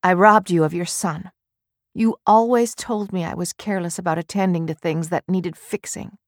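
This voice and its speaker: A woman's voice: fairly low pitch, fairly even intonation, normal speed, dry recording, studio quality, lightly acted. A woman reading a story aloud, voicing a grieving young mother who is distraught and bitter, in a tearful, strained, raised voice.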